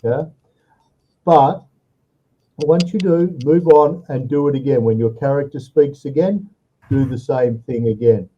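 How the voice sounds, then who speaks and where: A man's voice: medium pitch, unhurried, long pauses, dull audio. A man tutoring a student over a video call, giving step-by-step advice and checking in with "all right" often. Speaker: online English tutor.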